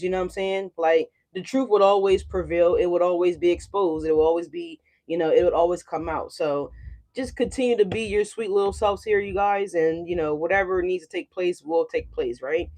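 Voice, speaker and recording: Blunt, profane tarot reader ranting. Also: mid-range voice. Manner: blunt and profane, with frequent "you know what I'm saying"; ranting, with swings of loudness. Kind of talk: casual livestream chat.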